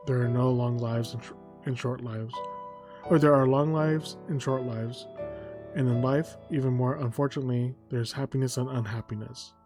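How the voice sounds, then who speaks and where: A man reading a game's story text aloud in a soft, unhurried way, sometimes stumbling and correcting himself. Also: mid-range voice. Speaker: gameplay narrator. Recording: faint music behind.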